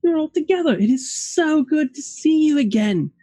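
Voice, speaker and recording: A game master voicing a gushing young noblewoman, the potentate's daughter, bubbly and high-pitched. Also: lively intonation, moderate pace, dark tone, dry recording.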